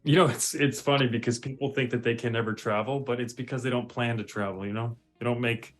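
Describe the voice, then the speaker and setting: Hesitant young American man, halting answers. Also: mid-range voice, steady tone, soft background music. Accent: Californian. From United States. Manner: hesitant, halting, many ums and restarts. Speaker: guest, model. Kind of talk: casual interview over a call.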